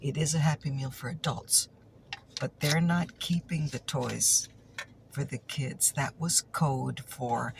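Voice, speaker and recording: A woman's voice: very deep voice, fairly even intonation, slow, gravelly, a little hiss or hum. A woman telling a chatty ASMR story, teasing and repeating her punchlines, sometimes dropping into a whisper.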